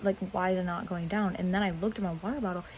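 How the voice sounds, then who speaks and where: A woman's voice: fairly low pitch, fairly even intonation, fast talker, darkish tone, slight background noise, rough recording. A young woman chatting casually into her phone camera in bed at night, rambling and laughing at herself. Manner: rambling, self-mocking, giggly. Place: bedroom at night.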